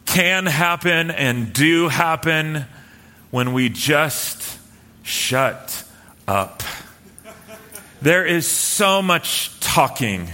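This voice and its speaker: A man preaching a sermon in a relaxed, storytelling way, with many fillers and restarts. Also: a little high, big-room sound. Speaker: pastor. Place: church hall with live and online audience.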